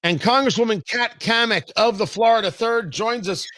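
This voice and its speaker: A man hosting a political talk show, opinionated and brisk, stumbling over his words now and then. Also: sits high, pushed and bright, no room sound. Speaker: radio talk show host.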